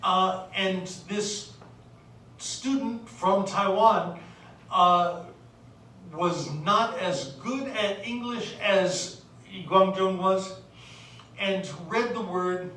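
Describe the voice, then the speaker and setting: A woman from the United States lecturing on literature, unhurried and hesitant, filling pauses with "uh" and reading verse aloud. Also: mid-range voice, lively intonation, fairly bright tone, slight background noise. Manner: unhurried, hesitant with many fillers, reads poetry aloud. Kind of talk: recorded lecture. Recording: very echoey room, distant mic.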